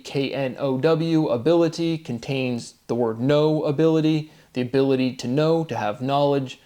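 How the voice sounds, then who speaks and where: A man giving a solo monologue of word derivations, methodical and repetitive, his voice dropping quietly at the end of each set phrase. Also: medium pitch. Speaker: host. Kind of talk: solo recorded commentary.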